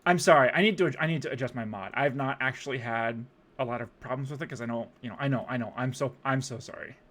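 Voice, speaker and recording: A man's voice: medium pitch, quick pace, a bit bright. A young man streaming, rambling through casual profane commentary on a music video with lots of fillers.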